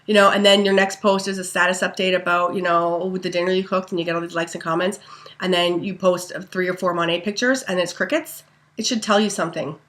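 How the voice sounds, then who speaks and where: Bright-voiced chatty woman. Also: lowish voice, steady tone, a little fast. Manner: chatty, rambling, many ums and likes. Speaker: network marketing team leader. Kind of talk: casual training talk.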